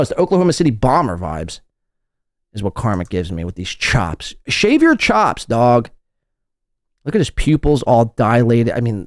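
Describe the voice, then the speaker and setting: A man's voice: medium pitch, no room sound, clean studio sound. Sarcastic mocking podcast host, man. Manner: sarcastic, crude. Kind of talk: mocking commentary.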